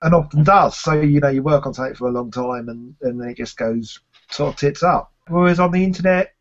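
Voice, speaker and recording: A man's voice: on the high side, brisk. Chatty man, lo-fi sound. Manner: chatty, self-deprecating, lots of "kind of" and "you know". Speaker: interviewee, games reviewer and TV presenter. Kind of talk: casual interview chat. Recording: dull lo-fi sound.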